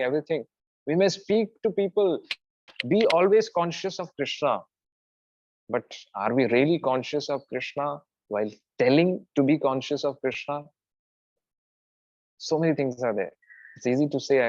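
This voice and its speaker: A man giving an earnest devotional talk, with soft laughs and restarts. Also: mid-range voice, no echo, muffled recording. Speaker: preacher.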